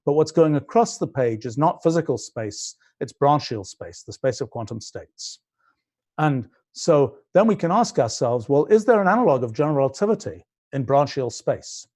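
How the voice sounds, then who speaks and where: A man's voice: on the high side, animated, normal speed, darkish tone. A British man in his sixties, a scientist explaining his physics project in a livestream, thinking aloud with many restarts and fillers. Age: 60s.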